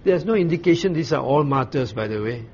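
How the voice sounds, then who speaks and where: A man giving a Bible study, explaining scripture in a measured way with frequent pauses and restarts. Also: fairly high pitch, animated, darkish tone. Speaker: Bible teacher. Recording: slightly dull recording with faint ambient noise.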